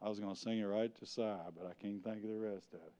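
A male preacher giving an exuberant sermon, breaking into sudden shouts and asking the congregation to answer him. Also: fairly low pitch, fairly even intonation, quick pace, dull audio.

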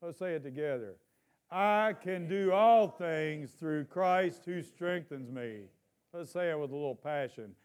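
With a clear, resonant voice on the high side, a male pastor preaches expressively in church. He trades call-and-response questions with the congregation and emphasizes scripture by drawing the lines out.

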